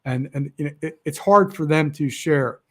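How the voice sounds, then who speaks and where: A man's voice: on the high side, moderate pace, a bit bright. A man around sixty, a podcast guest, talking bluntly and emotionally about feeling hopeless. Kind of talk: candid interview talk.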